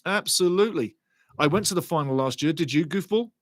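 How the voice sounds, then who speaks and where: A man commentating live on a match and reading out viewer chat, excitable and chatty, with a habit of repeating catchphrases. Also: on the high side, a little fast, no room sound. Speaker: watch-along commentator.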